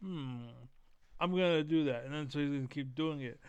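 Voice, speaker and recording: A man's voice: fairly high pitch, moderate pace, a little mellow, smooth, dry recording, lo-fi sound. A man giving heated, profane commentary while reacting to a video, keyed up and leaning on fillers like "basically.". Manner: profane, blunt, many fillers like 'basically'. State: keyed up, energetic.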